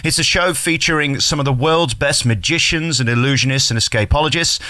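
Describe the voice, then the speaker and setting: Chatty radio host, bright voice. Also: male voice, a little high, fairly quick. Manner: chatty, effusive, leading questions. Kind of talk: radio interview.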